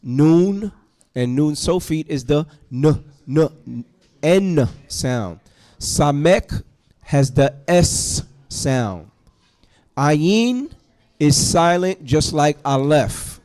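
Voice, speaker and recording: A man teaching a Hebrew class to students in a classroom, going through the alphabet letter by letter in a slow, patient way. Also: a little high, lively intonation, a little mellow.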